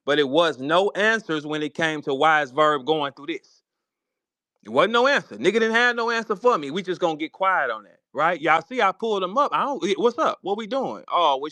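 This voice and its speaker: Confrontational male host, high-pitched and profane, bouncing between taunts and laughter; dry sound. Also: sharp tone, no room sound. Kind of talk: heated live audio chat. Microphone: online audio room.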